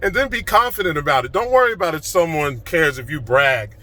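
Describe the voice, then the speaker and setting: Fired-up man ranting to his phone. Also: on the high side. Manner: excited, fast-flowing, emphatic. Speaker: vlogger. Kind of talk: impassioned motivational rant.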